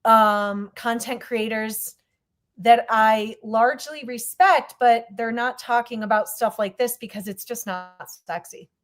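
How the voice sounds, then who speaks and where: A woman's voice: a little high, fairly even intonation, unhurried, fairly bright tone. A woman guest co-host in casual podcast chat, blunt and candid, with many fillers and restarts.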